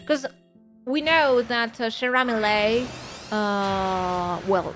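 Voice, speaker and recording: A woman's voice: a little high, fairly even intonation, slow, a bit bright. A woman hosting a gaming video, musing aloud in casual commentary with hesitant fillers and restarts. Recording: clear background music.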